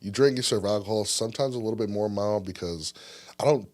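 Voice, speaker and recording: A man guesting on a podcast interview, telling animated stories with lots of swearing, his voice jumping up when he gets excited. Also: lowish voice, fast. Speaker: guest wrestler.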